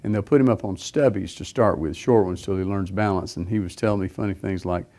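A middle-aged man delivers a sermon through a long personal story, often pausing on fillers and restarting his sentences. His voice sits low, with a soft, mellow tone. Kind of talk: sermon testimony.

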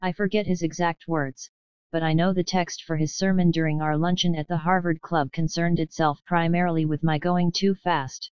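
A woman narrating a novel as an audiobook in an even, measured first-person reading. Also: fairly low pitch, clean tone, no room sound, highs cut off.

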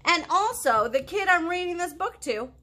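A woman's voice: very high voice, big pitch swings, normal speed, bright, forceful tone. A woman librarian leading a children's storytime, reading a silly book aloud with mock outrage and silly noises. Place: home, kids outside.

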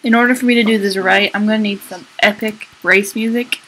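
A woman's voice: medium pitch, fairly even intonation, a little fast, pushed and bright, poor audio. A young woman giving silly, playful commentary over her gameplay, with squealing exclamations. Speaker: gaming YouTuber. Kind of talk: let's play commentary.

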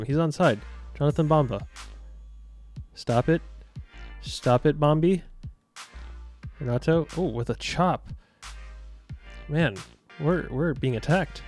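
A young man giving jokey, excitable commentary over his own video game match, yelling at the big moments. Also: on the high side. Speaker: gaming YouTuber. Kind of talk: live gameplay commentary.

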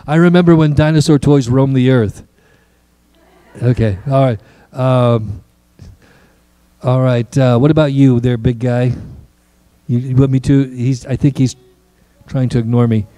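Playful pastor joking with children. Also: male voice, medium pitch, steady tone, unhurried, pauses often, dark tone, no room sound. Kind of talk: children's message in church. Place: church sanctuary.

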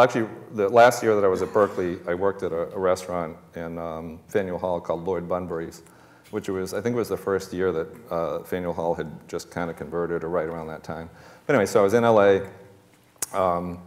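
Boston-accented chef in his fifties, very low voice, loose rambling storyteller, reverberant hall. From Boston area. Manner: rambling, many fillers and restarts, chuckles between thoughts. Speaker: chef and restaurateur, panel guest. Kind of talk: casual storytelling on a panel.

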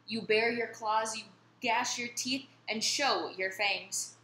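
A stern, hard-to-impress lion teacher, as a woman reading a storybook puts him on, giving short, dry orders. The voice is bright and carries an echoey room with faint noise behind it. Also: on the high side, takes it slowly. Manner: dry, blunt coaching.

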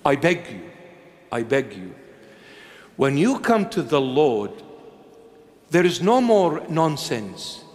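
A bishop preaching a sermon in a church, emphatic and repetitive, swinging between loud insistence and hushed low phrases. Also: male voice, sing-song, takes it slowly, pauses often. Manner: emphatic, repetitive, dramatic swings in pitch and loudness. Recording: long reverb of a large church.

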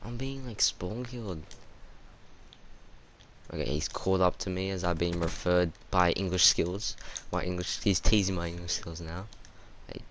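A man giving chatty live commentary over his own shooter match, reacting out loud to every kill and death. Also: deep voice, unhurried, slight background noise. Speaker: gaming YouTuber.

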